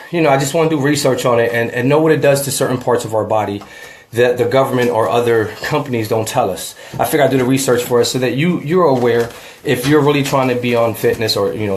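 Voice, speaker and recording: A man's voice: mid-range voice, fast talker, reverberant, slight background noise. Breathless man vlogging his home workout. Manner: chatty, talks to camera and a friend. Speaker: fitness vlogger. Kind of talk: casual home workout vlog.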